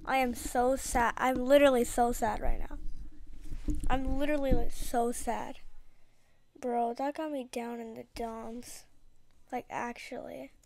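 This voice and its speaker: A woman's voice: on the high side, fairly even intonation, unhurried, vocal fry, noisy background. A woman giving casual, rambling gameplay commentary, chatty and dramatic, full of slang. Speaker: gaming video creator.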